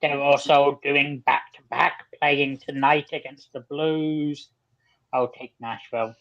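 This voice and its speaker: A man's voice: fairly high pitch, flat delivery, slow pace, fairly bright tone, no room sound. A man co-hosts a sports podcast, and his talk is sardonic and analytical with plenty of swearing. The audio is dry and dull, like a lo-fi setup. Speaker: podcast co-host. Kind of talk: casual chat.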